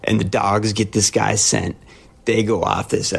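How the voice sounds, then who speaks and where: A young man telling a personal story in a halting way, with nervous laughs. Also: lowish voice, little pitch movement, creaky, breathy edge.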